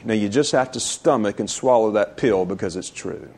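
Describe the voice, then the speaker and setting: A male pastor preaching a sermon, building through emphatic rhetorical questions and slowing down to stretch key phrases. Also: lowish voice, a little mellow.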